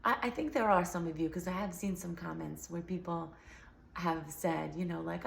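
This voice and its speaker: A healing vlogger addresses the camera at normal speed, her lowish voice gravelly and slightly sore. She rambles earnestly and casually with many fillers, and the room is echoey with a faint hiss in the background.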